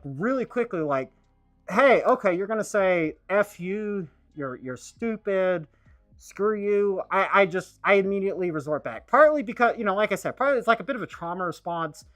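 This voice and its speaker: A man streaming a casual monologue, rambling and halting, full of fillers and restarts. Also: high-pitched, a bit bright, dry recording.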